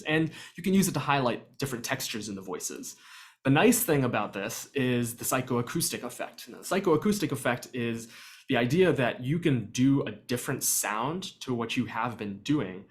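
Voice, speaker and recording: Man explaining beatboxing technique casually. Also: medium pitch. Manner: explanatory, conversational with frequent ums. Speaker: vocal percussion workshop presenter. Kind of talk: virtual workshop lecture. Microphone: video call.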